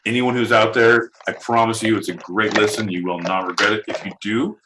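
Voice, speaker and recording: A man's voice: on the low side, brisk, background noise. Joking man podcast co-host. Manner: jokey, crude, animated. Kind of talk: casual chat.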